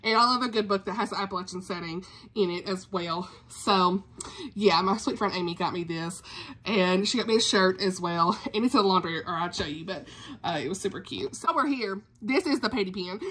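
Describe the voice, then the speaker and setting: A woman's voice: mid-range voice, sharp tone, breathy edge. A chatty woman with a Southern US accent, showing off her book haul in a casual vlog and laughing often. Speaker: book vlogger.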